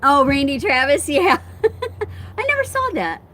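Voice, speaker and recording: Woman live-streaming from her phone outdoors, slow chatty delivery, higher voice, faint outdoor sounds behind her. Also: sing-song, bright, forceful tone, a little hiss or hum. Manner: chatty, laughs often, reads and answers comments. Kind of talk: casual live chat with viewers. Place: outdoors at home, wind and chimes around.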